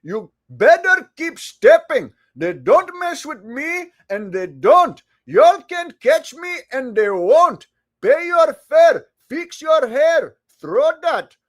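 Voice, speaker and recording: Put-on indian accent, loud deadpan reading, slow, guy doing a voice. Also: extremely high pitch, voice pushed up, heavily acted. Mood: reciting. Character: man reciting rap lyrics in a put-on Indian accent.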